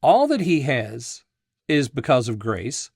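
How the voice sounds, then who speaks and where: A man's voice: mid-range voice, sing-song, slow pace, gravelly, a little mellow, slightly rough, no echo, clean studio sound. A man giving a folksy, conversational Bible teaching on a radio show, thinking aloud and chuckling now and then.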